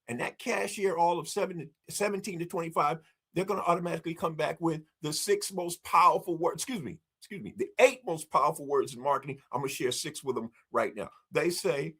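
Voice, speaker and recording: Lively, husky-voiced man pitching marketing. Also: a little fast. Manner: emphatic, acts out dialogue, addresses the audience directly. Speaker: marketing strategist guest. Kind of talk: energetic podcast interview storytelling.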